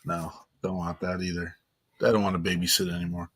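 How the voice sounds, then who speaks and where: A man's voice: deep voice, level tone, a little fast, fairly bright tone, slightly rough. Blunt joking man co-host. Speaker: show co-host. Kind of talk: casual livestream chat.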